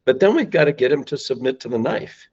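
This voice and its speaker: A sales company founder appears as a podcast guest, talking fast in a sing-song, mid-range voice that's darkish and slightly rough. He emphatically acts out phone lines while explaining sales calls, voice rising and falling, in a muffled recording.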